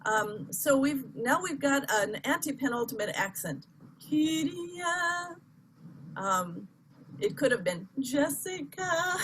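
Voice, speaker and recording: A woman's voice: a little high, background noise. A woman teaching chant in an online workshop, explaining with chatty asides, apologies and easy laughter.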